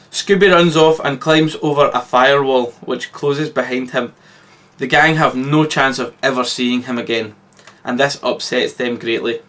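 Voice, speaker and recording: Deadpan man reading his own story. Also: medium pitch, normal speed. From Scotland. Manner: deadpan, matter-of-fact reading. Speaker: short story author.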